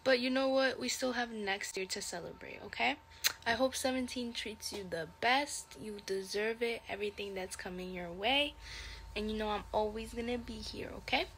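A teenage girl with a slightly high, bright, tense voice speaks with affection and reassurance. Some gravel shows at the edges of her words. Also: normal speed, a little hiss or hum. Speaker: friend recording a birthday message.

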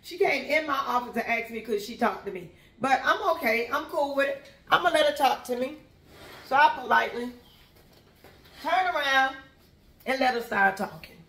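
A woman's voice: high voice, moderate pace, roomy sound. A woman telling a long personal story in a casual, conversational way, talking straight to her listeners. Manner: animated, conversational, addresses listeners as y'all.

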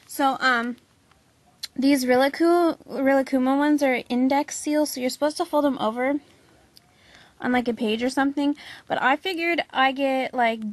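A young woman filming a casual haul video, gushing excitedly with lots of "like" and "oh my god". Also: sits high. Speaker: vlogger showing a haul.

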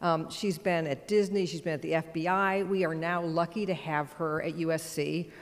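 A woman speaking as a board chair on a conference panel, measured and gracious, with frequent "um" and "uh". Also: low voice, steady tone. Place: large conference hall stage. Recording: long hall reverb.

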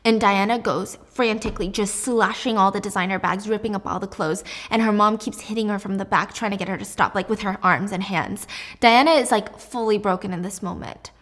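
A woman hosting a casual show, recapping a drama in a lively, animated way. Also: medium pitch, a little fast. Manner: lively, animated storytelling with laughs. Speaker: host.

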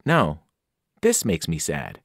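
A man's voice: medium pitch, big pitch swings, normal speed, dry recording, studio quality. A man voicing an earnest, anxious young male satyr in a storybook reading, raised and pleading. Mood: sad.

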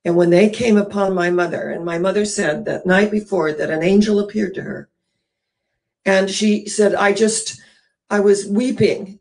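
A middle-aged woman minister telling an emotional personal story in a sermon, earnest and dramatic with pauses. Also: lowish voice, fairly even intonation, gravelly, a little mellow.

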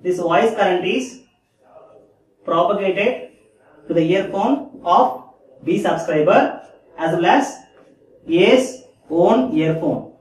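High-voiced lecturing man in echoey room. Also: takes it slowly, pauses often. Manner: repeats key phrases, checks understanding with "Clear?". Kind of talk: classroom lecture. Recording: echoey room, distant mic.

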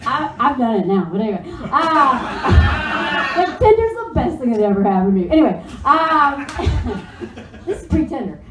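Young woman, comedic storyteller: high and lively, laughs often, swears freely, captured from a distance in an echoey room with faint noise. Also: a little slow. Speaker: storyteller guest. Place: live show room.

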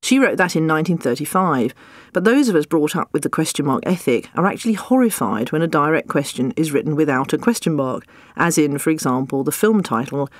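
A narrator reads a comic nonfiction audiobook with a dry, wry wit. The voice sits at a middling pitch and is recorded close and dry, with no room sound around it. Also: animated, brisk, no room sound.

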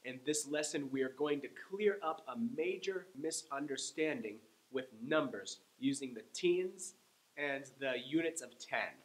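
A male English teacher gives a pronunciation lesson at an unhurried pace, stressing syllables with emphasis. His voice sits a little higher than most men's. He says each word twice so listeners can copy him. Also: poor audio. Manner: slow, emphatic, repeats words for practice.

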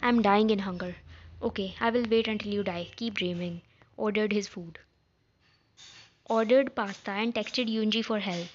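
A woman reading a fan fiction story aloud in a plain, even way, speaking all of the parts herself. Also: mid-range voice, normal speed, slight background noise. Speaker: story narrator. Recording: slightly dull lo-fi sound.

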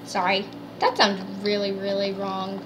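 A woman hosting a let's play, chatting excitedly and explaining the game as she goes. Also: medium pitch, measured pace, slight background noise. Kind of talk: casual gameplay chat.

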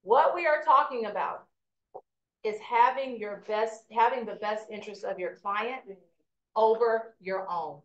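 A middle-aged woman teaching a live real estate class, telling stories with lively energy and often checking in with "right?". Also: on the high side, unhurried. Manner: animated storyteller, asks "right?" often. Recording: echoey lo-fi room recording.

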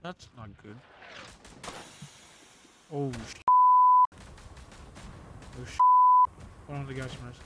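A young man giving excitable gameplay commentary, exclaiming and swearing under his breath. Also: medium pitch, slow, pauses often, heavy background noise. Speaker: gamer. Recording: game gunfire and beeps behind.

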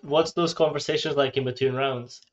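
A man interviewing a boxer, asking relaxed questions and giving short backchannels. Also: mid-range voice, moderate pace. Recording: dull lo-fi sound.

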